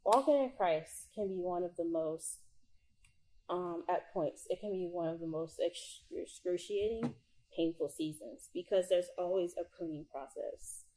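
A woman's voice: on the low side, a little slow, mellow, low-quality recording. A young adult woman giving a casual devotional talk to her viewers, full of "like" and "um" and repeating words for emphasis. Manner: heavy use of "like" and "um". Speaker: Christian speaker.

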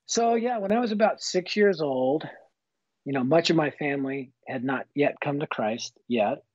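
Husky guy in his 50s telling his life story all earnest and folksy, kinda dull muffled audio. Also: on the high side, expressive, normal speed, a little mellow, no room sound. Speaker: guest author. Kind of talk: personal testimony storytelling. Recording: slightly muffled, dull recording.

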